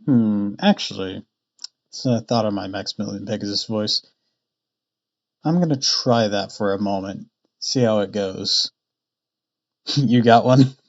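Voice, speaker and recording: A man streaming live, chatting casually and thinking out loud between frequent laughs. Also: on the low side, unhurried. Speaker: streamer reading a novel aloud. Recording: dull lo-fi stream mic.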